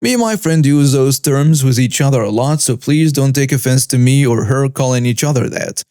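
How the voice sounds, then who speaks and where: A man reading a first-person story aloud in a steady, scripted narration. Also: medium pitch, moderate pace, no room sound, clean studio sound.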